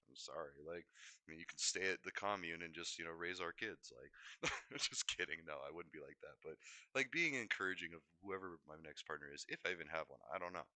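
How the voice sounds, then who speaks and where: Rambling young man with a bright, dry voice. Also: deep voice, no room sound. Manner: rambling, animated, many fillers and restarts. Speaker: streamer. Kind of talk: rambling casual chat.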